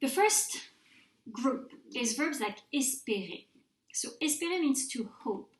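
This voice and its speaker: A woman's voice: sits high, animated, measured pace, echoey room. A woman teaching a recorded French grammar mini-lecture, patiently modelling pronunciation for her students to repeat.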